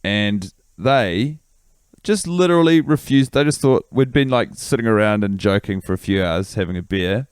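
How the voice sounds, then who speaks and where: A man co-hosting a podcast, telling stories with dry, deadpan humor. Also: fairly low pitch, normal speed, clean tone, no room sound. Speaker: podcast co-host. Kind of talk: casual chat.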